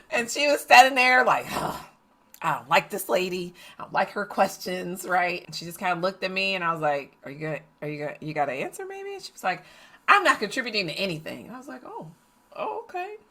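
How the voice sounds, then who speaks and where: Animated woman coach telling a story. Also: lowish voice, a little fast. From United States. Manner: animated, acts out family dialogue. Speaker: coach and facilitator. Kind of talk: storytelling podcast monologue.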